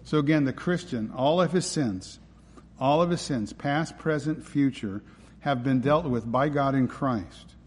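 This time the pastor's voice is mid-range and darkish, a bit rough, moving at a measured pace. He keeps the sermon emphatic and conversational, leaning on rhetorical questions, all under long hall reverb.

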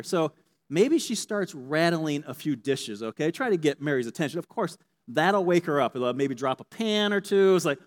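This sermon comes from a pastor whose voice is on the high side and whose pace is normal; he preaches in an animated, talky way, often checking on his audience.

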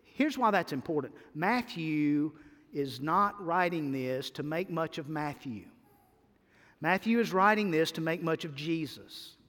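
A male pastor preaching in a church sanctuary with a high, bright-pitched voice. His delivery swings from loud, emphatic bursts to quiet, stretched-out lines. A long reverb trails every phrase. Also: a little slow. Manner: animated preaching with sudden loud and soft swings. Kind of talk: sermon.

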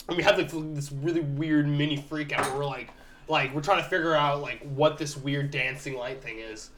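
A man's voice: on the high side, brisk, fairly bright tone, a little hiss or hum. A man casually telling a rambling story among friends on a podcast, saying "like" a lot. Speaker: podcast co-host.

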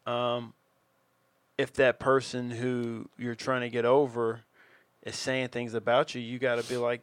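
A man on a podcast talks in an earnest, reflective way and picks his words with care. His voice is mid-pitched. The recording is close and dry. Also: level tone, a little slow, clear, resonant tone, dry recording. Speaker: podcast co-host. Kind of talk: casual chat.

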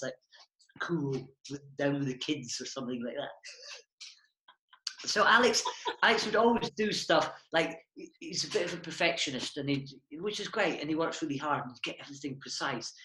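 A man's voice: fairly high pitch, sharp tone, echoey room, rough recording. A man casually reminiscing about a stage routine, playful and self-mocking. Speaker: former stage partner, performer.

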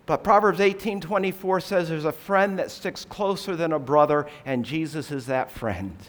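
Delivering a sermon, a man earnestly and steadily explains scripture, asking rhetorical questions along the way. His pitch is fairly high.

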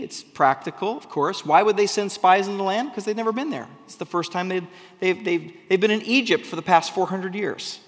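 A man's voice: sits high, a little fast, few pauses. A man giving a sermon, reading scripture aloud and explaining it in casual, conversational asides. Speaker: preacher. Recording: long hall reverb.

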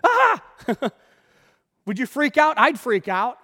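A man's voice: very high voice, lively intonation, takes it slowly, pushed and bright. A man preaching a sermon as pastor, telling the story with animation and acting out the quotes. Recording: long reverb of a large hall.

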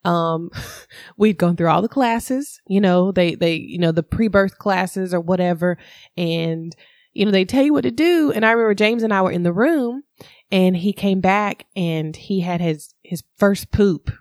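A woman tells a personal story in a candid, animated way. Her voice sits at an ordinary middle pitch. The sound is dry and close, with no room echo. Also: measured pace. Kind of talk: casual chat.

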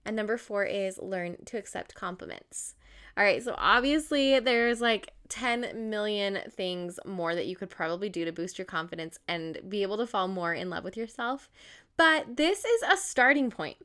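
A woman's voice: medium pitch, lively intonation, moderate pace, fairly bright tone, clear, resonant tone. Young female vlogger, bubbly and chatty, laughs easily, casual direct-to-camera talk. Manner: bubbly, laughs often, chatty with many fillers.

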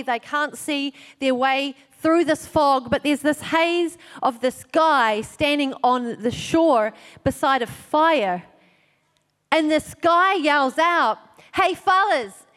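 High-voiced woman preaching a sermon. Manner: animated retelling with acted quotes, drops soft for emphasis. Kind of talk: sermon storytelling. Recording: long hall reverb.

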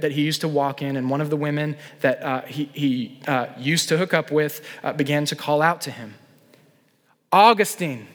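A man preaching in a church, his voice a little high for a man. He swings from loud, fervent peaks to hushed, slowed-down lines. His words ring out with a long hall reverb. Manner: impassioned, building to loud peaks and dropping to soft, slow lines. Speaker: pastor. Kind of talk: sermon. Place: church sanctuary.

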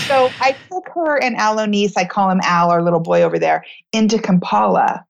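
An American woman who founded a charity, telling her story to a host in a lively, chatty way, acting out the voices of the people in it and using many "like"s. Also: medium pitch, fairly quick, gravelly, few pauses. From United States. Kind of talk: animated storytelling in a talk interview.

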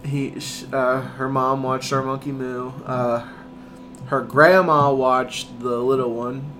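A man's voice: mid-range voice, flat delivery, takes it slowly, a bit bright. A young man in casual chat as a podcast co-host, rambling and stumbling over his words, laughing often. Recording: noisy room.

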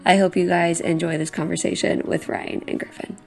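A woman's voice: fairly low pitch, flat delivery, brisk, creaky, a little mellow, soft background music. A young woman hosting a casual podcast, chatty, laughing often and saying "like" a lot. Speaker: podcast host.

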